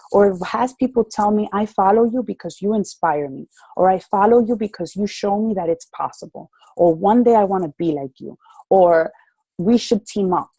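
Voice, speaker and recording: Woman, 30s, passionate group leader on a call. Mellow, slightly husky tone, dry close sound. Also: mid-range voice, no echo, low-quality recording. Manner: passionate, preacherly, acts out dialogue. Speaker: group leader speaking to her members. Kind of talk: motivational talk on a group call. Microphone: call audio.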